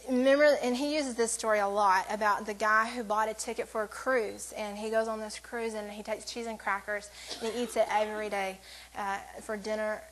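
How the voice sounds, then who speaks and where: A woman's voice: mid-range voice, steady tone, fairly quick, fairly bright tone, slight background noise, poor audio. A woman giving a casual church devotional to women, rambling and interrupting herself with joking asides. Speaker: women's ministry speaker.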